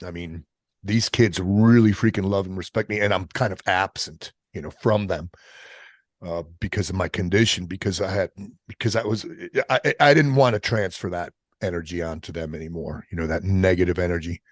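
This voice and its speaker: Deep-voiced man telling a candid story. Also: steady tone, no room sound, studio quality. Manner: casual and profane, halting with restarts, drops "man" and "bro". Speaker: podcast guest, military veteran.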